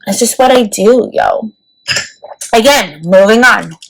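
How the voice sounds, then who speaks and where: A beauty vlogger walks through a makeup tutorial in a casual, chatty way, peppering her talk with "like" and "let me tell you." Her creaky voice is a little high, and she takes things slowly. The recording is rough.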